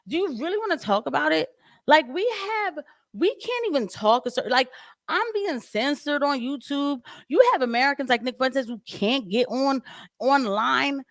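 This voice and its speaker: A woman's voice: fairly high pitch, no echo, clean studio sound. A woman hosting political commentary, talking emphatically and firing off rhetorical questions. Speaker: host.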